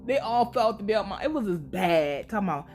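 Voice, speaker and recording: Lively, foul-mouthed woman recapping a show. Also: medium pitch, fast, faint music behind. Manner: animated, swears freely, laughs often, slangy. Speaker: podcast host recapping a TV series. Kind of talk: casual profane recap commentary.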